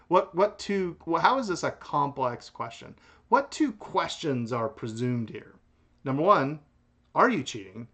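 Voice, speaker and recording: A man teaching a philosophy class in a recorded lecture, talking in a lively way with restarts and chuckles. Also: fairly high pitch, takes it slowly, pauses often. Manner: animated, lively delivery with frequent restarts and chuckles. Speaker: philosophy instructor.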